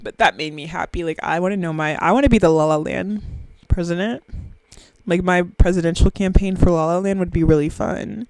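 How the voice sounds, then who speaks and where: A young woman hosting a casual solo podcast, talking in an animated, silly, excitable way with sudden squeals. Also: fairly low pitch, a little fast, no room sound. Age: young adult. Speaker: podcast host.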